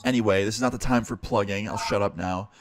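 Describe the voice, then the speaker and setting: A man's voice: fairly low pitch, fast talker, crowd noise. A young man, a streamer, casually telling a story and swearing now and then. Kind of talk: storytime narration.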